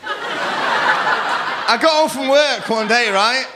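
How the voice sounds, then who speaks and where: A young man doing a crude, cheeky stand-up set on a comedy club stage, acting out other people in quick quoted voices. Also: very high voice, sharp tone. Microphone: stage microphone.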